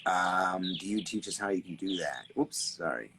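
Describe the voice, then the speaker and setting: A man hosting a casual live stream outdoors, reading viewer comments, greeting people by name and talking in an animated, repetitive way with some swearing. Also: deep voice, moderate pace, noisy background. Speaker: artist and creative coach hosting a live stream. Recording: birds chirping clearly in the background.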